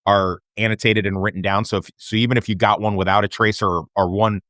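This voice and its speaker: A man's voice: on the low side, little pitch movement, fast talker, a bit bright, no echo, clean studio sound. A man co-hosting a casual chat about a TV show, often going off on side notes. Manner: chatty, goes off on side notes. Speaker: podcast co-host.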